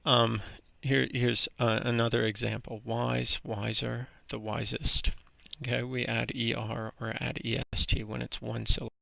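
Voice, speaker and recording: Gravelly guy walking through a grammar lesson, bright edge, dry close sound, says um a lot. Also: mid-range voice, no room sound. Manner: relaxed, halting, with frequent ums and restarts. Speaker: English grammar teacher.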